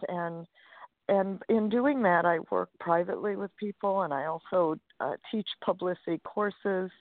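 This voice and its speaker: Over a dry, tinny phone line with no echo, a woman guest author speaks in a mid-range voice. Her interview manner is upbeat and chatty, full of fillers and restarts.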